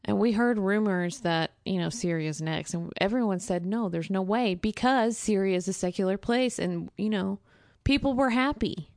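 A woman who is a guest in a casual interview, explaining earnestly and filling pauses with fillers. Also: medium pitch, darkish tone, no room sound, studio quality.

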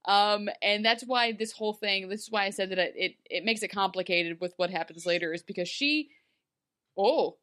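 A woman's voice: medium pitch, normal speed, a bit bright, clean tone. Laughing woman chatting casually. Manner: laughs often, acts out quotes in shifting voices. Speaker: podcast co-host. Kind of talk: casual chat.

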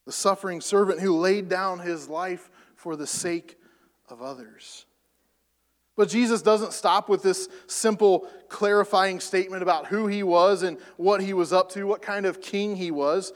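A man preaching a sermon, rising to loud emphatic peaks and falling back soft. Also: high-pitched, unhurried, in a large hall. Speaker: pastor.

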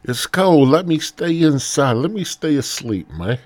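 A man voicing his own sleepy, grumpy penis as a whiny character, in a deliberately bad put-on Mexican accent. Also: a little high, very animated, no echo, voice pushed up. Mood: sleepy whining. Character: sleepy grumpy male penis, whiny, wants to be left alone.

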